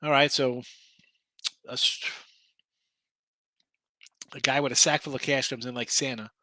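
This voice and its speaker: A man's voice: mid-range voice, fairly even intonation, a little slow, bright, forceful tone, no room sound. A man hosting a sports betting stream, chatting casually with viewers and going off on rants. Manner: loose, ranting, talks straight to the chat. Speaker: sports betting show host. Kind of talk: casual live-stream chat reading viewer comments.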